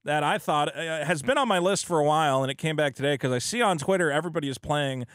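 A man co-hosting a casual podcast, ranting in an animated way and acting out online arguments. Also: fairly high pitch, fast, smooth, no echo, clean studio sound. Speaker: podcast co-host.

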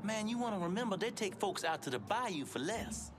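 A wary crook warns his partner in a lifted, swinging voice. The line sounds far off, like game audio with clear noise behind it. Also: sits high, sing-song, fairly quick. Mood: warning. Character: wary adult male criminal warning a partner.

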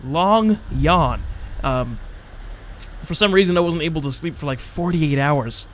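A tired young gaming channel host rambles through casual let's-play commentary, yawning and poking fun at his own stumbles in a drowsy, self-mocking way. His voice is a little high and a bit bright, at normal speed, with slight background noise.

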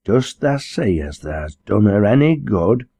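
A stubborn young pit girl speaks plainly in a broad Lancashire dialect, read by a man in his own low voice. Her words are level and reproachful, never raised. The audiobook sound is close and dry. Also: a little slow, slightly rough, no room sound, full character voice. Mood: stern. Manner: blunt, steady, reproachful.

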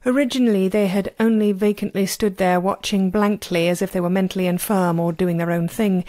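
A woman narrating a novel chapter as an amateur reader, with a steady, expressive delivery. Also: mid-range voice, brisk. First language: not Chinese. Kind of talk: audiobook narration.

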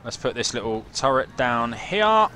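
A man's voice: mid-range voice, sing-song, a little slow, bright, forceful tone. A young man streaming a game, chatting casually and swearing as he reads chat and plays. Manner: sweary, jokey banter with chat. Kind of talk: casual gameplay commentary.

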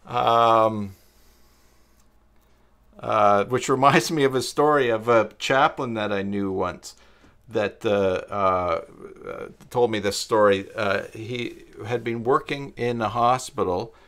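A man with a fairly low voice hosts a live-stream tutorial, talking through each step as he works. He answers viewers in the chat as he goes. His speech is halting, with pauses and fillers between thoughts. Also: a bit bright. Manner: thinks aloud while working, replies to chat viewers. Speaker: tutorial host. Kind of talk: live-stream screen-share web design tutorial.

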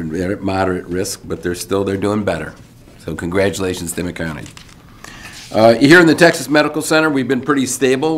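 A man's voice: lowish voice, slight background noise. An older man giving an informal weekly video briefing as a medical school leader, conversational, with wry asides and frequent fillers and restarts.

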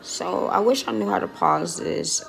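A woman's voice: mid-range voice, a little slow, vocal fry, a bit bright, soft background music. A woman vlogging casually on her phone from a dentist's office, chatty and rambling and swearing often. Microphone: phone held close.

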